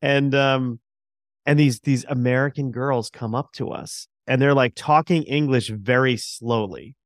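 Guy hosting a chatty interview podcast, regular pitch, dry close sound. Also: measured pace, no echo. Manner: friendly storyteller, asks questions. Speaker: podcast host. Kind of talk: casual interview.

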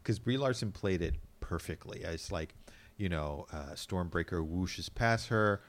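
A man co-hosting a casual chat, with drawn-out exclamations and playful retellings. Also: low voice, expressive. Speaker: podcast co-host.

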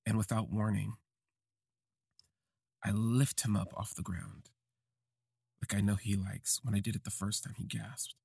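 A young adult man hosting a podcast, telling a confessional first-person story in slow, halting, reflective phrases. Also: lowish voice, flat delivery, vocal fry, darkish tone, husky, no echo, clean studio sound. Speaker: podcast host.

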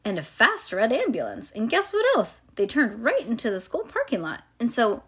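Woman, children's book read-aloud, fairly high voice, lively, stops to explain things to a kid. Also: normal speed, slightly rough.

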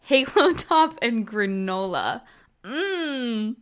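A woman's voice: fairly high pitch, very animated, drawn-out words, fairly bright tone, clean tone. A young woman vlogging casually in a close mic, giggly and self-mocking, often breaking into laughter. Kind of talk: casual reaction vlog.

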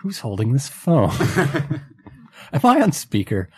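A man's voice: medium pitch, huge pitch swings, takes it slowly, a little mellow, breathy edge. A man talking casually as a player in a tabletop game. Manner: casual, laughing, chatty.

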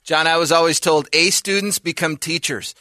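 A man's voice: a little high, normal speed, pushed and bright, no room sound. A man trading dry, joking quips as co-host in a casual comedic chat.

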